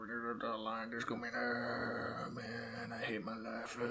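A man's voice: medium pitch, little pitch movement, slow pace, fairly bright tone. Rambling man muttering over gameplay. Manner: rambling, filler-heavy, muttering asides. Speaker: gamer. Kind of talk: let's play commentary. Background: game music.

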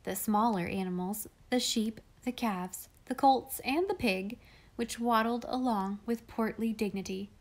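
A woman reading a classic children's novel aloud in clear, measured storytelling. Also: a little high. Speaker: audiobook reader.

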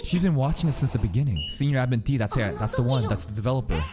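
A woman reacting live to an anime, excitable and profane, laughing often and thinking aloud. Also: extremely low pitch, racing, music in the background. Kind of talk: casual live reaction commentary.

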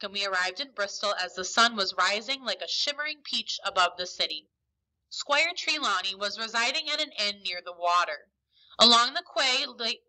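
A woman teacher reading a novel aloud to a class in an expressive, emphatic storytelling manner. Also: on the high side, rough recording.

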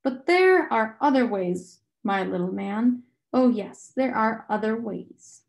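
A woman voicing a sinister man who talks gently and condescendingly. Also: a little high, expressive, slow, gravelly, dull audio, heavily acted. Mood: soothing menace. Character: sinister man, soothing and menacing.

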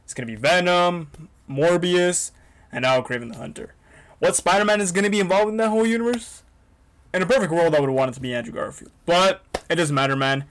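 A young man hosting a reaction video, excitable and swearing often in casual commentary. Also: sits high, brisk.

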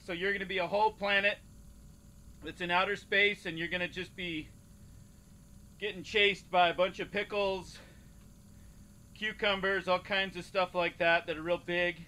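An actor playing a tired male casting director running auditions in a flat, businesslike way. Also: high-pitched, moderate pace, long pauses. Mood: bored.

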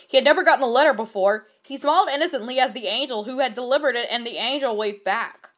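A woman's voice: fairly high pitch, fast, fairly bright tone. A woman reading fan fiction aloud with comic commentary; she laughs often and stumbles over words.

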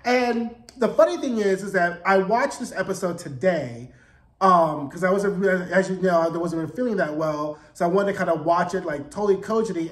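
Sassy high-voiced man recapping TV. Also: echoey room. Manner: sassy, profane, acts out quotes in voices. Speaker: TV episode recapper. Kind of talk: casual TV recap commentary.

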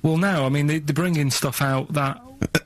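A man, a regular on a radio show, musing in a halting, deadpan way during casual banter. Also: on the high side.

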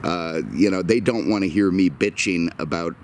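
A man with a very low voice grumbles through a sarcastic, joking rant. He is recorded outdoors at a car lot, with a faint hum of ambient noise behind him. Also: normal speed. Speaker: car dealer and video host. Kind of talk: casual outdoor vlog rant.

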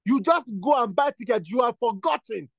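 A man with a very high voice leads a prayer meeting, pressing the same phrases again and again and rising into fervent bursts. His voice sounds dry and close, with no room echo. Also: lively intonation, a little fast, gravelly, fairly bright tone. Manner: repetitive, insistent, builds to fervent bursts. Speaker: prayer leader. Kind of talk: exhortation and spoken prayer.

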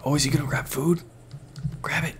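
A man's voice: a little high, fairly even intonation, a little fast, husky. A man with a scratchy voice, giving joking, casual commentary on a game as he plays. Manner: playful, jokey, casual. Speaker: gaming channel host. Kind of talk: let's play commentary.

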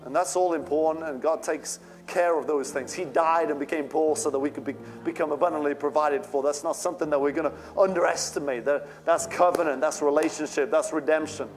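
A man's voice: on the high side, steady tone, a little fast, few pauses, faint music behind. A male pastor preaching a sermon with fervent, rising outbursts.

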